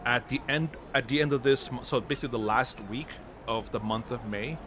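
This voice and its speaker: The host of a relaxed gaming livestream speaks at medium pitch, a little fast and a bit bright, with a little hiss or hum present. He rambles through live-stream chat, restarting and using fillers often, laughing easily over game music.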